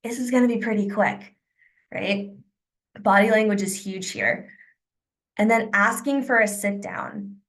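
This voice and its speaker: Woman sales trainer on a video call, upbeat coaching delivery, acts out sample pitches. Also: unhurried, long pauses, fairly bright tone.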